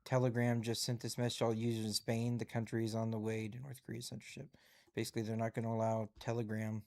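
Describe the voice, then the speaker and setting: A man's voice: lowish voice, completely flat delivery, fast, creaky, a little mellow. A man hosting a live stream, casually chatting and reading headlines aloud with musing asides.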